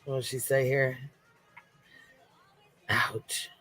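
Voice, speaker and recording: A woman's voice: a bass voice, level tone, very slow, a bit bright, soft background music. A woman hosting a stream, reacting to clips with sarcastic, mocking commentary. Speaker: host.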